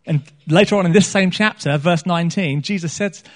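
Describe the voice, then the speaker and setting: High-voiced male preacher, chatty and joking. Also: brisk. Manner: conversational and joking, polls the congregation with questions. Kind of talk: sermon. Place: small church stage before a congregation.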